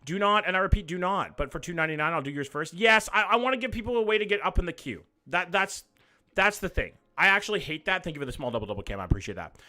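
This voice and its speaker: A man's voice: a little high, big pitch swings, racing, sharp tone. A young man hosting a livestream, reading viewer comments in loose, profane, joking banter. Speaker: livestream host. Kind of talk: casual live chat reading viewer comments.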